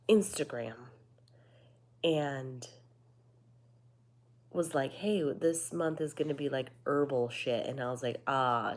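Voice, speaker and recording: A woman in her thirties with a nasal voice that is going hoarse, chatting casually with viewers and swearing freely between fillers. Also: extremely low pitch. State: losing her voice. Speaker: vlogger. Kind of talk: casual chat to a live audience.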